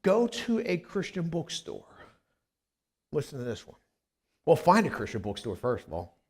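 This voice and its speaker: A man's voice: on the high side, wildly swooping pitch, moderate pace, husky. A middle-aged man preaching as a pastor, with a conversational storytelling manner that often repeats words at the start of sentences. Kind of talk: storytelling sermon. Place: church sanctuary.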